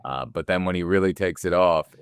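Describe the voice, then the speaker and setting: A man's voice: deep voice, clean tone, no room sound, studio quality. A man in his forties co-hosting a casual movie podcast, talking animatedly and acting out scenes from a film. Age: 40s. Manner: animated, acts out movie scenes in quick voices. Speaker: podcast co-host.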